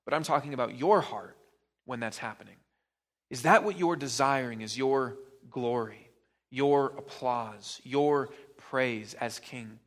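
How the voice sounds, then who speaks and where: A man's voice: mid-range voice, a little slow. A man preaching a sermon as pastor, pressing the listener with probing rhetorical questions and emphatic repetition.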